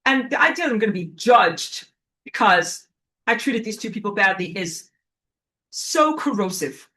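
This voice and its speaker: A woman talking alone to camera, telling a personal story and acting out quotes loudly. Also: medium pitch, a little slow. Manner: animated, acts out quotes in a raised voice. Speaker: online teacher. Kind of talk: casual monologue to camera.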